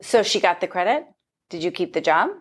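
Husky woman podcast host. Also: on the low side, expressive, brisk. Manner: brief, responsive reactions and questions. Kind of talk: casual interview chat.

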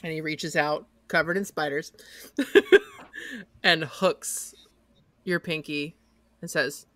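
A game master narrating a tabletop role-playing game in an unhurried, hesitant way. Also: mid-range voice, steady tone, pushed and bright, no echo.

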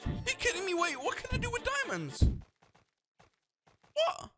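Hyped high-voiced young gamer guy. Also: moderate pace. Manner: hyped, excitable, shouts when surprised. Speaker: gaming YouTuber. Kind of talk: let's-play commentary. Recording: loud background music.

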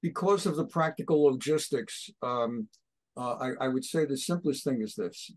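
A man, a rabbi speaking as a guest on an interview show, fiery and ranting, often rising to near shouts. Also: mid-range voice, moderate pace. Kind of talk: impassioned talk show interview.

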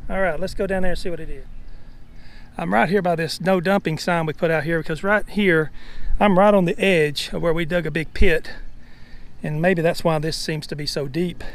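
A man's voice: on the high side, steady tone, normal speed. A man chatting folksily while metal detecting outdoors, winded and overheated, with lots of fillers. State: out of breath and overheated. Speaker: metal detecting vlogger and preacher. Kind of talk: casual outdoor vlog narration. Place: outdoors in a church back lot. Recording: faint outdoor background noise.

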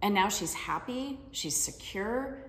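A woman life coach talks through motivational stories in a loose, conversational way, often tagging her points with quick questions. Her voice sits in a mid range. The room around her is roomy, with a long reverb tail. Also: medium pitch, lively intonation, fairly bright tone. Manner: conversational storyteller, tag questions. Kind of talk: motivational talk with personal stories.

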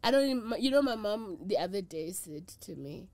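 Speaking fairly quickly in an expressive, medium-pitched, slightly mellow voice, a middle-aged traditional healer with a South African accent gives a candid interview. The recording is dry. She is emphatic and emotional and switches between English, Zulu, and Sotho.

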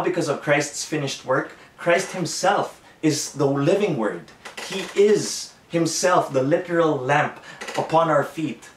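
A man's voice: on the high side, far from the mic, a little hiss or hum. Earnest man preaching in an echoey room. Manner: earnest, self-correcting preaching with many restarts. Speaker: pastor. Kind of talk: sermon. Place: home room. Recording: echoey room, voice a bit off-mic.

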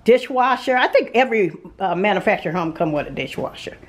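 Talking straight to her audience with plenty of laughter, this Mississippi vlogger walks through a show manufactured home. She speaks fairly quickly in an expressive, mid-range voice, recorded first on a handheld phone and then on a small tripod.

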